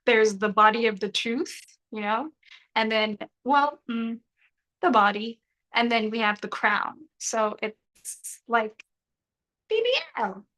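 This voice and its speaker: A woman's voice: fairly high pitch, a bit bright, low-quality recording. A young woman hosting a casual live stream, joking and reading the chat aloud while half of her mouth is still numb from dental surgery. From South Africa.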